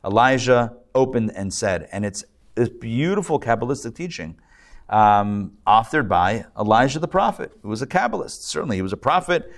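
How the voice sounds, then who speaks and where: A man's voice: medium pitch, big pitch swings, moderate pace. Male rabbi giving a class to a live room, jokey and chatty, keeps checking if folks follow. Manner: joking, conversational, asks the audience questions. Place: lecture room with a live audience and online viewers.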